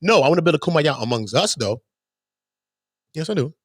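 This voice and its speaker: Man, channel host, ranting monologue, blunt and profane, emphatic, high voice, dry close sound. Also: animated, a little fast, dry recording.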